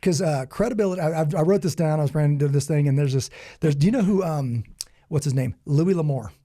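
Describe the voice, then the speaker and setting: A man's voice: a little high, quick pace, dry recording, clean studio sound. A man guest on an interview podcast, talking with emphatic, preacher-like conviction and acting out the people in his stories. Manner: animated storyteller, acts out quoted dialogue. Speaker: podcast guest, security company founder. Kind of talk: conversational interview.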